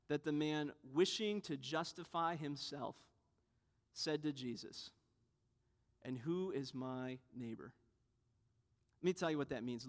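A man's voice: high voice, fairly bright tone. A young man giving a sermon as pastor, conversational with rhetorical asides. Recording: reverberant hall.

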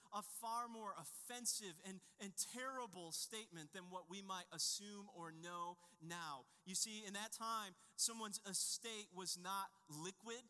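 A man's voice: sits high, bright, forceful tone. A male pastor preaching a sermon in a conversational, anecdotal way, often restarting his sentences. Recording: long reverb of a large hall.

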